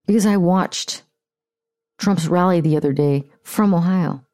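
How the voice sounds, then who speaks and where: A woman's voice: on the low side, measured pace, dark tone. An American woman hosting a podcast with blunt, profane, ranting casual commentary. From United States. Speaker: podcast host.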